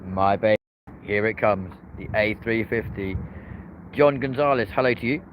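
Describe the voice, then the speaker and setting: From a hotel rooftop next to an airport, a man with a lowish voice at normal speed livestreams plane spotting. He chats and banters with viewers and cheers the planes as they touch down, over dull lo-fi outdoor audio with traffic noise.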